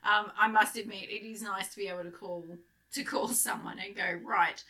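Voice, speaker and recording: A woman's voice: medium pitch, fairly even intonation, fairly quick, pushed and bright. A middle-aged Australian woman co-hosting a podcast in candid casual chat, swearing freely and laughing often. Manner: swears freely, laughs often, acts out her own outbursts. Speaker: podcast co-host.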